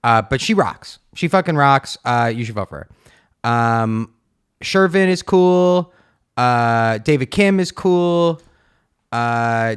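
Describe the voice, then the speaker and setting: Streamer guy, smooth clear voice, swears a lot, rambly casual commentary. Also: medium pitch, a bit bright. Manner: profane, emphatic, rambling with many fillers. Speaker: streamer host.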